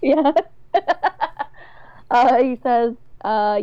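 A woman's voice: on the high side, slow, vocal fry, long pauses. A woman chats through a casual recap as a podcast co-host. She talks loosely and now and then swears as she reads lines aloud. Her voice comes through dull and muffled, with a dry, close sound and no room echo. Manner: chatty, swears, reads show quotes aloud.

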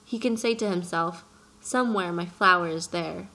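A woman's voice: fairly low pitch, normal speed, bright, forceful tone. A woman voicing an earnest little boy prince who presses his questions with passion in an audiobook reading. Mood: impassioned. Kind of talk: audiobook character voice.

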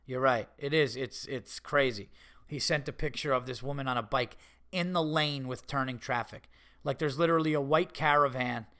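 A man hosting a podcast, reading listener letters aloud with profane, animated commentary and frequent laughter. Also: medium pitch, moderate pace. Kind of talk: casual comedic rant.

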